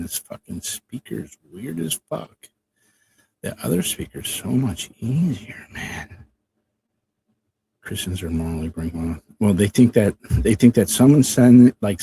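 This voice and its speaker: A man's voice: mid-range voice, darkish tone, slightly rough. Guy, heated livestream rant, cusses a lot, sarcastic, mid-range voice. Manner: heated, profane, sarcastic, repeats himself. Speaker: vlogger addressing a rival.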